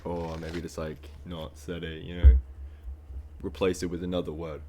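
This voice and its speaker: A young man talks over a song he is reacting to, deadpan and a little mock-serious. His voice sits low and dark, mellow rather than bright. He fills gaps with ums and you-knows. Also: normal speed, slight background noise. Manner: dry, mock-serious remarks with fillers. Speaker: reaction streamer. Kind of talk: casual reaction commentary.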